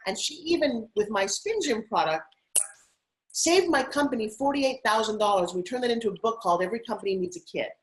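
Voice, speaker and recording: A middle-aged woman guest telling stories in an interview, animated and putting on voices now and then. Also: a little high, a little fast, low-quality recording. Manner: animated, acts out her kids' voices. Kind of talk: interview storytelling.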